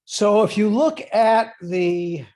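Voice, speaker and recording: A man's voice: high-pitched, slow pace, a little mellow. A middle-aged man giving an online accounting lecture, explaining step by step in a conversational way and asking students questions. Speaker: accounting instructor.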